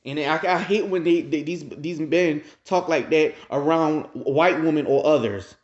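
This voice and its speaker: A man's voice: a little high, measured pace. A man hosting his own commentary video, ranting emphatically and talking straight to his viewers. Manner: addresses viewers directly. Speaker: commentary channel host. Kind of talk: casual reaction commentary. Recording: roomy, dull lo-fi sound.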